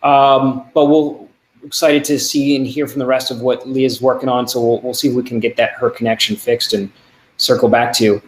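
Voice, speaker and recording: A man's voice: medium pitch, level tone, normal speed. A man in a mid-range voice hosts a virtual arts event in a loose, chatty way, stumbling over fillers and apologizing often. The sound bounces around an echoey room. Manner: apologetic, casual, many fillers. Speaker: event host. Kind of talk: live virtual event hosting.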